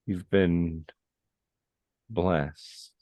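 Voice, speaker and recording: A man's voice: sits low, steady tone, very slow, mellow, clean studio sound. A man voicing an ancient cosmic tree spirit that teases by echoing the player's words in a sassy valley-girl voice. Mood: intrigued.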